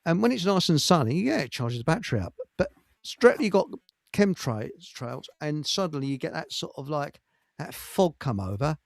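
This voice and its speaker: A man's voice: on the high side, sing-song, moderate pace, gravelly, no echo. A man hosting a casual chat show, joking and rambling in a self-deprecating way. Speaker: host.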